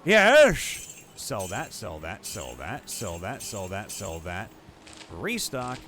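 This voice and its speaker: Crude, lively man streaming a game. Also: lowish voice, takes it slowly, background noise. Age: adult, not young. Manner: crude, profane, joking rants. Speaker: streamer and voice actor playing a game. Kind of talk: casual live-stream chat. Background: game music.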